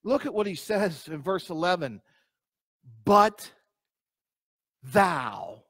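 High-voiced pastor preaching emphatically. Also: male voice, animated, brisk, no echo. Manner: emphatic, repeats key phrases; asks the congregation direct questions. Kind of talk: sermon.

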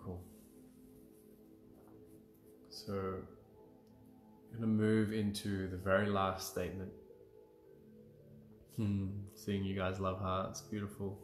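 Slow, low-voiced man guiding a healing session. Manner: slow, calm guided breathing with frequent sighs and affirmations. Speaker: emotional clearing practitioner leading a live session. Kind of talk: guided healing session on a livestream. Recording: roomy with faint music.

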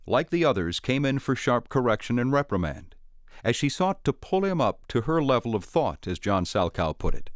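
A man giving scripted documentary narration in a clear storytelling manner. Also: mid-range voice, no room sound, studio quality.

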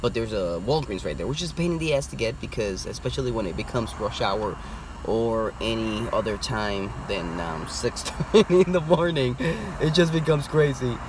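Excitable young man vlogging from his car. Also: medium pitch, moderate pace. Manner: excitable, swears and laughs, sprinkles Spanish words. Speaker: toy collecting vlogger. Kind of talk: casual vlog. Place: inside a car. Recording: noisy car interior.

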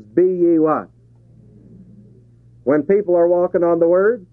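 A man's voice: high-pitched, no room sound. A man preaching a sermon to a congregation, asking rhetorical questions and chuckling between points. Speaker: pastor. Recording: tinny phone-like 1970s tape.

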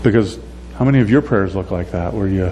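A man's voice: low voice, fairly quick, dark tone. Conversational male pastor in an echoey hall. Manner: conversational preaching, acting out quoted prayers in a raised voice. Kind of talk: sermon. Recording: echoey hall with faint hum.

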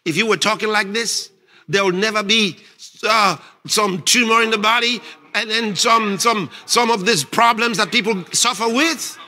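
A male pastor preaching a sermon, reading scripture aloud and questioning his congregation, rising to emphatic shouts on key points. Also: sits high, moderate pace. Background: congregation responding.

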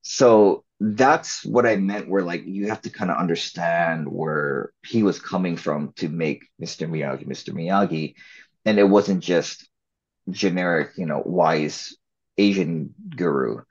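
Low, husky-voiced man chatting. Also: unhurried. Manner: relaxed, rambling, many fillers and restarts. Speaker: actor and filmmaker guest. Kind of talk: casual interview chat. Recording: slightly dull lo-fi audio.

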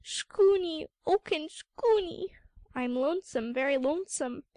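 Casting: a woman playing a young male seal, high and strained, dry close sound. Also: lively intonation, measured pace, mellow, dry recording. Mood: distressed. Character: young male white seal, curious and frightened.

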